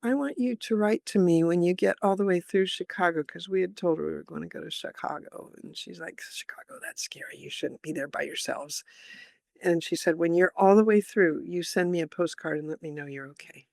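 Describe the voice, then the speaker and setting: A woman's voice: on the low side, fairly quick, vocal fry, dry recording, studio quality. An older woman, a storyteller being interviewed, telling travel anecdotes, acting out the people she quotes and laughing often. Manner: lively storyteller who acts out quoted voices and laughs often. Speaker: storyteller guest.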